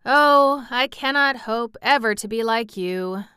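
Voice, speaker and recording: A woman's voice: fairly high pitch, animated, measured pace, bright, forceful tone, clear, resonant tone, dry recording, studio quality, pitched above the performer's own voice. A woman voicing an earnest, mildly proud male sawhorse made of wood. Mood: humble.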